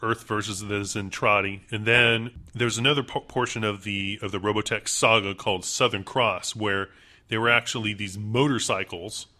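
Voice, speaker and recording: A man's voice: on the low side, steady tone, normal speed, pushed and bright. A man co-hosting a casual podcast chat, enthusiastic and full of fillers. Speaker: podcast co-host.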